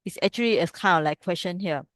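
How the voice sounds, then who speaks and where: Speaking fast, with a fairly bright tone on the low side, a woman leads a class on reading old scripture. She's a Pali teacher who breaks things down step by step and keeps checking with students. The studio sound is clean, without echo.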